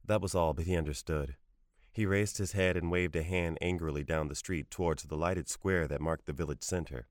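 A man giving a measured, scripted narration of a short story. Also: low voice, steady tone, no room sound, studio quality. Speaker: audiobook narrator.

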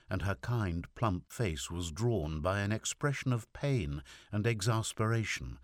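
A man narrating a classic short story as an audiobook, in a measured, expressive reading. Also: low-pitched, dry recording, clean studio sound. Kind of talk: scripted narration.

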